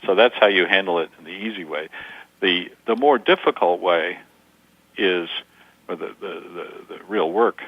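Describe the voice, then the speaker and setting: A man in his sixties, a communication coach, giving measured interview answers through stories and examples. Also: deep voice, lively intonation, no room sound. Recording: dull lo-fi sound.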